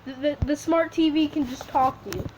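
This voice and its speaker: High-voiced woman rambling through a story. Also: steady tone. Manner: rambling and halting, with many restarts. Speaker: video creator. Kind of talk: improvised storytelling while drawing. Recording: dull lo-fi recording with faint hiss.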